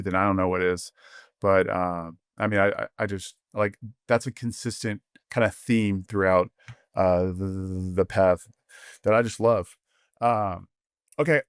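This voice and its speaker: A man's voice: on the low side, clear, resonant tone, dry recording, clean studio sound. A man hosting a podcast, talking casually and enthusiastically, full of fillers and "you know" asides. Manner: acts out quoted dialogue in animated voices. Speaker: podcast host.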